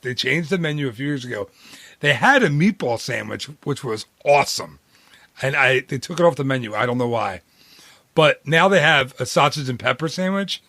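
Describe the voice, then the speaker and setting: A man's voice: on the high side, fairly bright tone, no echo. A man in his late thirties or forties, co-hosting a podcast in a chatty, rambling way, with lots of "dude" and restarts. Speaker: podcast co-host. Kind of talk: casual podcast chat.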